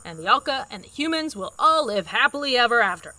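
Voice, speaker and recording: A woman's voice: medium pitch, animated, normal speed, sharp tone, no echo, rough recording. A woman playing a brash, impatient young explorer who talks bluntly, swears and uses dry sarcasm in an audio drama. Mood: sarcastic.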